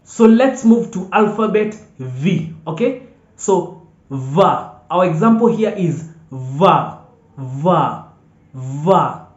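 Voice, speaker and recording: A language teacher calmly repeating each vocabulary word several times and checking in with "okay?" as they go. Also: mid-range voice, slow pace. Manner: patient, drills words aloud and checks in with "okay?". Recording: echoey room, dull lo-fi sound.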